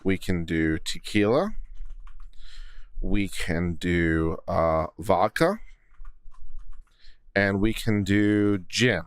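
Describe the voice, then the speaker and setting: A man's voice: low-pitched, very slow, pauses often, clear, resonant tone, no room sound. A man hosting a casual livestream, reading viewer comments aloud and answering with legal commentary. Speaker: host of a law commentary livestream. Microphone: studio condenser mic.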